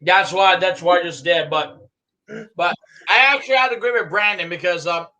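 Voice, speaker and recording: A young man co-hosting a casual chat, excitable and quick to shout and swear. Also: high voice, dull audio. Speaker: co-host.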